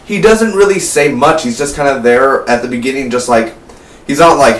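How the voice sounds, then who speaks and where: An eighteen-year-old man giving a casual, rambling spoiler review of a film. He gets excited and keeps tossing in "man" and "like". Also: medium pitch, fairly quick. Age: late teens. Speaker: movie reviewer. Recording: echoey room, mic at a distance, faint hum.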